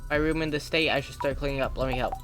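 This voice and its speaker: A streamer reading game dialogue aloud as a quiet, troubled young woman who speaks softly. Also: medium pitch, quick pace, lightly acted. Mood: subdued. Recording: game music underneath.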